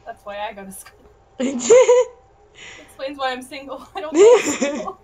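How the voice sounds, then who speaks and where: A woman's voice: high-pitched, very animated, measured pace, dark tone. A young woman chiming in with teasing remarks and laughter while her friend reads aloud. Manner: teasing interjections, laughs often. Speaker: co-host reacting to reading. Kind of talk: casual chat.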